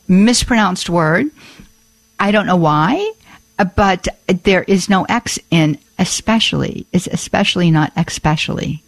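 A chatty woman hosts a live call-in radio show from the studio mic, her mid-pitched voice animated and friendly. The sound is close and dry, with no room echo. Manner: chatty and animated, spells out words and repeats phone numbers.

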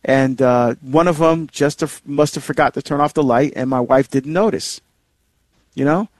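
A middle-aged man hosting a marriage series, telling a personal story in a rambling, conversational way, with many fillers and restarts and sharp jumps in pitch when he stresses a point. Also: moderate pace, no room sound.

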